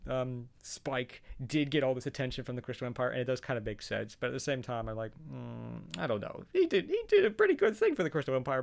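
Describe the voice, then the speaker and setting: A man's voice: mid-range voice, creaky. A man casually talking through his thoughts on a cartoon episode, rambling and hesitant, with frequent chuckles. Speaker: show reaction vlogger. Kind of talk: casual spoken commentary.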